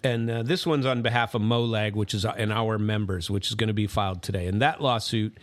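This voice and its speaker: A man's voice: fairly low pitch, fairly even intonation, a little fast. A middle-aged man hosting a casual, rambling monologue, folksy and full of restarts. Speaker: host.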